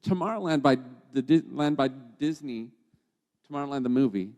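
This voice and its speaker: A man's voice: mid-range voice, animated, normal speed, darkish tone, big-room sound. A man hosting a podcast and teaching scripture in a conversational devotional way, often checking in with his listeners by asking "okay?" and "right?".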